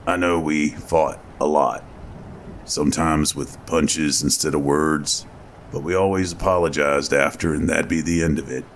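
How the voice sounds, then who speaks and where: A man's voice: rumbling low, steady tone, a little slow, slight background noise. A man voicing a blunt, foul-mouthed soldier who is the narrator's weary best friend, in a spoken horror story. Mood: earnest. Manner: gruff and blunt.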